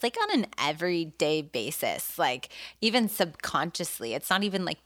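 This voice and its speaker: A young woman with a very low voice co-hosting a casual faith podcast. The sound is dry and close to the mic, and she rambles encouragingly through many restarts. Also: fairly bright tone, no room sound. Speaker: podcast co-host.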